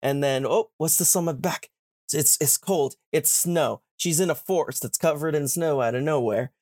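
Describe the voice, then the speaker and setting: A man's voice: fairly high pitch, a little mellow, no room sound, clean studio sound. Young man retelling a story in a chatty way. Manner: retells the plot with quick put-on character voices. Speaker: podcast host. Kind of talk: casual chat, retelling a story.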